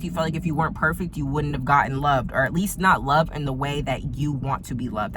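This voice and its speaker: A tarot reader delivers a casual spiritual reading, talking straight to the viewer with emphatic, repetitive phrasing. The voice sits in a middling register, and a faint hiss runs under it indoors. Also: medium pitch.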